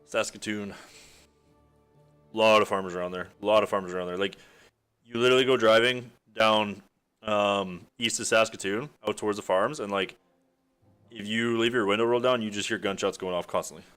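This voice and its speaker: A man's voice: on the low side, steady tone, brisk, long pauses, fairly bright tone, smooth, faint music behind. A man with a Western Canadian accent chatting casually to stream viewers, rambling with lots of fillers and frequent chuckles. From Alberta, Canada.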